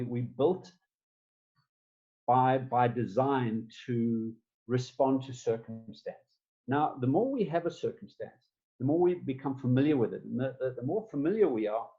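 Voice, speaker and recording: A man's voice: medium pitch, warm tone, highs cut off. A man giving a conversational online talk, often repeating words as he thinks. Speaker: speaker giving a stress management talk. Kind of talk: webinar presentation. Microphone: computer mic on a video call.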